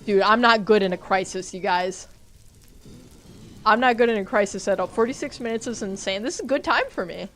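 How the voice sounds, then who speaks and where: A woman's voice: mid-range voice, brisk, fairly bright tone, a little hiss or hum. A young woman streaming a game live, talking to her chat, easily startled and swearing when things go wrong. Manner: jumpy, swearing, talks to chat.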